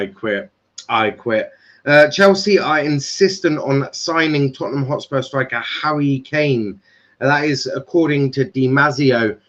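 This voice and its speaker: A man's voice: medium pitch, a bit bright, muffled recording. A man hosting a casual football transfer live stream, laughing often and swearing sarcastically.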